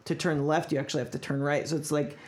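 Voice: medium pitch, flat delivery, fast talker, background noise. A podcast host telling a story in casual chat, rambling with lots of restarts. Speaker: podcast host presenting a segment.

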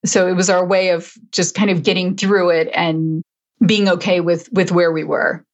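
A woman's voice: lowish voice, steady tone, moderate pace, muffled recording. A middle-aged woman, an interview guest, telling her story conversationally with frequent restarts. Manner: frequent restarts, emotional at moments.

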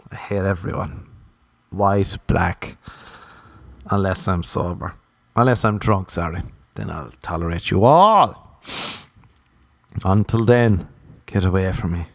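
A man's voice: low-pitched, animated, slow, long pauses, dry recording. An Irish man doing stand-up comedy, ranting and swearing, acting out little voices in his stories. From Ireland. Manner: profane, ranting, acts out voices.

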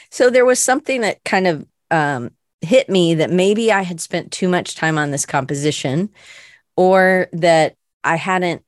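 A woman's voice: lowish voice, no echo, clean studio sound. A middle-aged woman hosting her own show, rambling through casual chat with lots of fillers and self-deprecating asides. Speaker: show host.

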